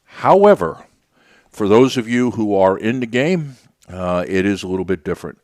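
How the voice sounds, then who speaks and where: A man's voice: on the low side, big pitch swings, moderate pace, a little mellow, no echo, clean studio sound. A man hosting a radio show, talking off the cuff in a rambling, conversational way with many fillers and restarts. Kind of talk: unscripted radio monologue.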